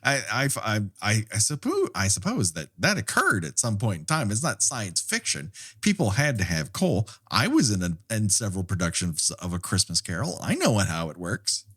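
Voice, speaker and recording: Low-voiced man, lively and rambling. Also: moderate pace, few pauses, husky. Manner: laughs often, swears freely, rambling asides. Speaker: podcast co-host. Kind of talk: casual film discussion.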